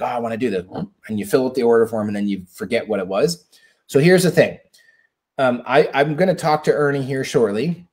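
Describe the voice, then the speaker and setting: A man's voice: mid-range voice, darkish tone. A man hosting a casual live stream on a close mic. He talks chattily, keeps checking in with the viewers and sounds upbeat. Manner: upbeat, asks viewers for a hallelujah. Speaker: livestream host. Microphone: close personal mic.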